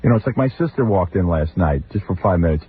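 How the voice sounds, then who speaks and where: A man's voice: deep voice, expressive, fast, breathy edge. A middle-aged man hosting a radio show, telling comic stories about his family and mimicking their voices in exaggerated tones. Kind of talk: comic talk-radio storytelling. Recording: phone-like lo-fi radio archive.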